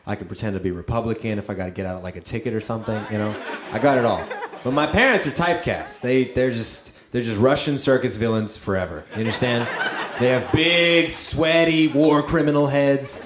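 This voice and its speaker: A man from Romania performing a stand-up comedy set on a club stage, mostly deadpan with sudden loud high-pitched outbursts. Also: fairly quick, noisy background. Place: comedy club with live audience. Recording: echoey club with audience laughter.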